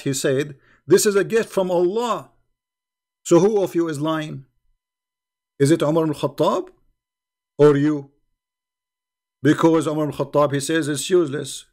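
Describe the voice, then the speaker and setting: A middle-aged man, his voice fairly high with a darkish tone, hosts a debate on a livestream. He is combative and derisive, hammering his points through repetition in polemical commentary.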